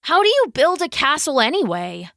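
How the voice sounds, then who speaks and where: A woman's voice: sits high, sing-song, moderate pace, gravelly, a bit bright, no echo, studio quality, voice pushed up, full character voice. A woman voicing a grumpy, imperious male fly who rules a tiny castle, scoffing at visitors. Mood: haughty grumpy.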